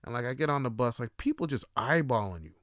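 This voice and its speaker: A man's voice: medium pitch, expressive, fast, a bit bright, dry recording, clean studio sound. A man hosting a podcast, telling a long profane story in a rambling, casual monologue with lots of fillers. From Toronto. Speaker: podcast host.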